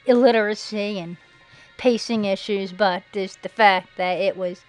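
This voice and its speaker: A woman giving sarcastic, mocking commentary over a slideshow, now and then breaking into shrill put-on voices. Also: steady tone, a little slow, clear, resonant tone, poor audio. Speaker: video narrator. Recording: faint background music.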